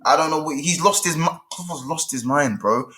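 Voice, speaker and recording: A young man on a football panel argues heatedly in a casual debate, his voice fairly high, pushed and bright. He goes at a moderate pace, circling back to the same points in exasperation.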